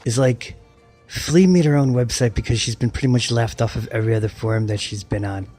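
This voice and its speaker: A man's voice: mid-range voice, brisk, dark tone, faint music behind. Rambling, mocking man ranting casually. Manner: rambling and mocking, with many restarts and swearing. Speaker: online commentator. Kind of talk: casual rant.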